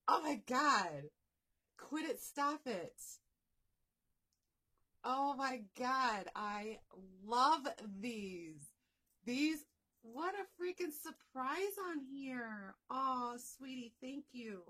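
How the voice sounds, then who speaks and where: A woman vlogging as she unboxes a crochet gift, gushing and excitable, often repeating herself. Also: mid-range voice, slightly rough. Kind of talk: unboxing vlog.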